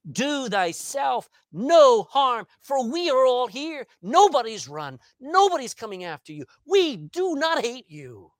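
A man voicing an apostle who cries out loud, slow reassurance. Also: very high-pitched, sing-song, no room sound, pitched above the performer's own voice, full character voice. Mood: reassuring. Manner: drawn-out, raised calling.

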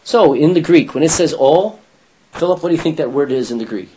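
A man's voice: fairly high pitch, lively intonation, brisk, a little mellow, slightly rough, poor audio. A man leading a Bible study class, reading scripture aloud and putting questions to his students.

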